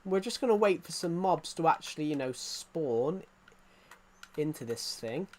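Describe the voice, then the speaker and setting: A man's voice: fairly high pitch, lively intonation, unhurried. A man chatting casually to viewers during a gaming live stream, rambling and joking as he plays.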